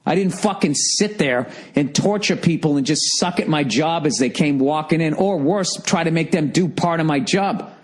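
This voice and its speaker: A man's voice: on the high side, moderate pace, hardly any pauses. A man hosting a podcast alone, ranting in an exasperated, profane solo monologue. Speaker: podcast host. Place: alone in a room.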